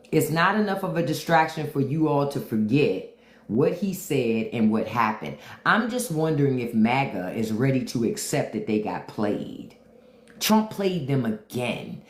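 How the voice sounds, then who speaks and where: A woman hosting a livestream gives unfiltered commentary in AAVE, blunt and taunting, repeating her question to commenters over a roomy, echoing mic. Her voice is extremely low and a little mellow, with big pitch swings and a measured pace.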